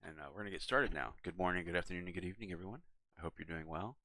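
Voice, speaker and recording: A young man streaming a game, chatting to viewers in a relaxed, rambling way and yawning now and then. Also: low-pitched, racing, no room sound. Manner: relaxed, rambling, talks to chat and his cat. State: yawning, tired. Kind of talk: casual live-stream chat.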